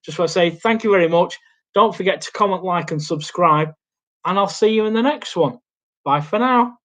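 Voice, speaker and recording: A man's voice: high-pitched, normal speed, fairly bright tone. A young man hosting a casual live Q&A from a small home studio, rambling and hesitant, with lots of ums and restarts. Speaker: YouTube host. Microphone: laptop mic.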